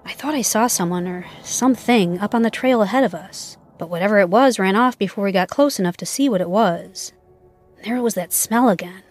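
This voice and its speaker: Female narrator for first-person horror reading, measured and steady, mid-range voice. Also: mid-range voice, soft background music. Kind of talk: scripted narration.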